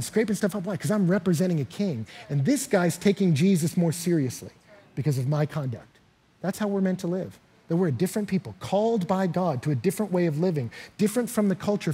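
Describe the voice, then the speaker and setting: A man preaching a sermon as pastor, telling stories in a lively way and often laughing. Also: high-pitched, husky. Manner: animated, storytelling preacher who often laughs.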